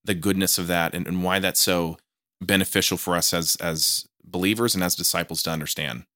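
A low-voiced man with a bright, forceful tone hosts a casual podcast interview. He is eager and repeats himself as he restarts his phrases. The sound is dry and close, from a small studio. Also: steady tone, brisk, no room sound. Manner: enthusiastic, repetitive restarts, stammering on words. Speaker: podcast host. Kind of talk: interviewing guest in casual chat.

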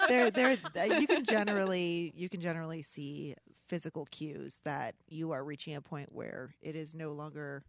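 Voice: mid-range voice, moderate pace, vocal fry, few pauses, fairly bright tone, dry recording. A podcast co-host explaining things in a direct, emphatic, matter-of-fact way. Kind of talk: casual chat.

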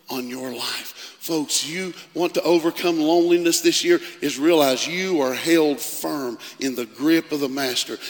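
A male pastor preaching a sermon in a church, swinging from loud declarations to hushed tones. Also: fairly high pitch. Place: church sanctuary. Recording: long reverb of a large hall.

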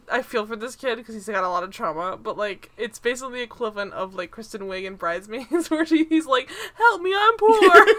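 Woman podcast co-host, bright, slightly high voice, rambling casual recap. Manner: rambling, lots of "like", laughs while acting out scenes. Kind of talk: casual chat.

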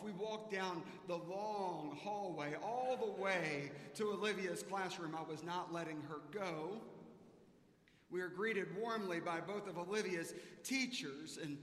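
A man's voice: high-pitched, measured pace, fairly bright tone, slight background noise. A man preaching a sermon as a pastor, telling a self-mocking personal story. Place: church sanctuary. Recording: echoey church hall.

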